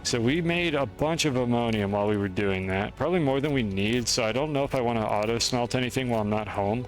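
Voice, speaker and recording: A man's voice: mid-range voice, fast, soft background music. A man streaming a game, chatting through his moves in a rambling, self-deprecating way. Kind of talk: gameplay commentary.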